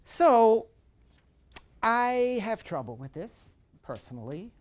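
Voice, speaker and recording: A woman's voice: fairly high pitch, very animated, takes it slowly. A woman giving a course lecture, emphatic and repetitive, who acts out questions in the first person. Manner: emphatic, repeats key points.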